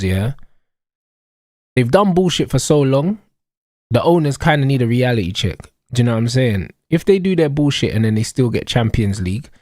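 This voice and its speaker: A man's voice: medium pitch, a little mellow, no room sound, studio quality. A young man with a London accent, ranting casually about football on a live stream, full of slang and repeated catchphrases. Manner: slangy, emphatic, repetitive.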